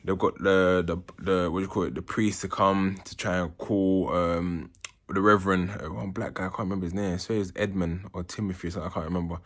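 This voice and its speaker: A man telling an emotional personal story as an interview guest, halting and often repeating words as he restarts. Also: low voice, level tone.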